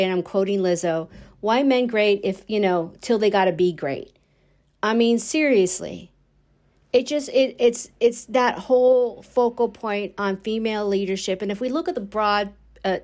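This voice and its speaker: A woman's voice: mid-range voice, a little mellow. A woman hosting a casual podcast, chatty and rambling, with many fillers and restarts and easy laughs. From United States. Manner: laughs easily. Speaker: podcast host. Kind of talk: casual solo podcast chat.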